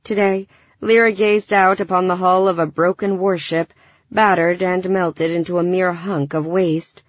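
A woman narrating a science fiction audiobook in a measured, even storytelling manner. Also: fairly low pitch, dry recording. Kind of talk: scripted narration. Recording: dull dry studio recording.

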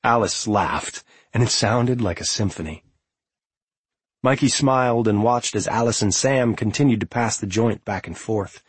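Audiobook narrator, male, very husky, lowish voice, calm and measured, dry close mic. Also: dry recording.

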